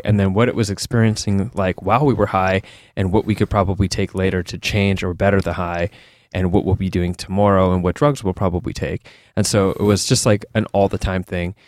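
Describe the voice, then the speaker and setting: A man's voice: sits low, no echo. A man interview guest telling personal stories candidly, in a loose, rambling way with many fillers and restarts. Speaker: guest, author. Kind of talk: candid conversational storytelling.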